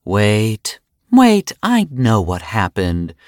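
A man's voice: on the low side, huge pitch swings, drawn-out words, a little mellow, no echo, studio quality, pitched above the performer's own voice, full character voice. A man voicing a sly, sarcastic woman doctor who runs a hospital, talking in a mock-innocent, sing-song way. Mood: faux helpful.

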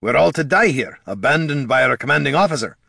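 A man's voice: medium pitch, lively intonation, fast talker, gravelly, pushed and bright, dry recording, clean studio sound, voice pushed up, exaggerated voice. A man voicing an indignant, dutiful male army captain who snaps and reproaches, in a fantasy audiobook. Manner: snapping, reproachful.

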